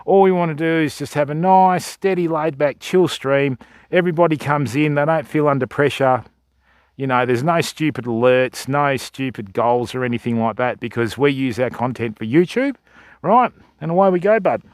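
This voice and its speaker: A man's voice: fairly high pitch, moderate pace, clear, resonant tone, no echo, clean studio sound. A middle-aged man with an Australian accent, chatting casually and joking with viewers on a livestream. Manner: laid-back, joking, chatty. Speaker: fishing livestreamer.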